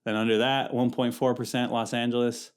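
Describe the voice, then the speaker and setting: A man's voice: mid-range voice, flat delivery, a little fast, smooth. A young man from California hosting a solo podcast, chatting casually in a rambling, slangy way that keeps interrupting itself. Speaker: podcast host.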